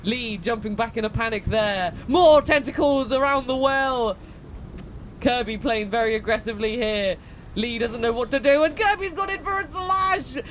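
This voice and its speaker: A woman co-hosting a stream, giving excitable sports-style play-by-play of a game fight. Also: on the high side, moderate pace, a little hiss or hum. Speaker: stream co-host and commentator. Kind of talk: live game commentary.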